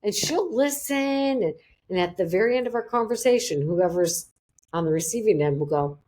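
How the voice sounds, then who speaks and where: Expressive woman guest, emphatic and lively. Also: normal speed. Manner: emphatic, acts out quotes with big pitch swings. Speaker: podcast guest. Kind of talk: casual interview chat.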